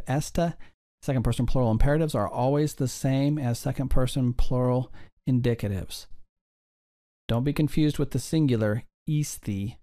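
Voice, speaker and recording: A man teaching a recorded grammar lesson, reading example sentences slowly and then explaining the grammar step by step. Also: medium pitch, mellow. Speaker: language teacher.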